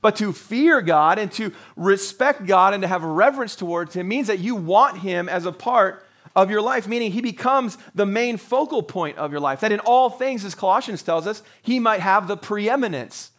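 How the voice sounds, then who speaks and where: A middle-aged man preaches in a relaxed, conversational way, his voice sitting fairly high for a man. He keeps breaking into short acted-out quotes, then settles back into plain teaching. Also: normal speed. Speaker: pastor. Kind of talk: sermon.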